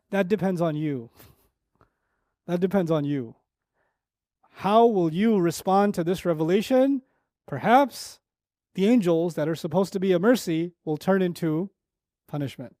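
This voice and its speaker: A middle-aged man gives a Quran lecture in a high, lively voice. He tells stories with rising emphasis, then sinks to quiet, low moments to land a point. The sound is dry and close, with no room around it. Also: no room sound. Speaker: Quran teacher.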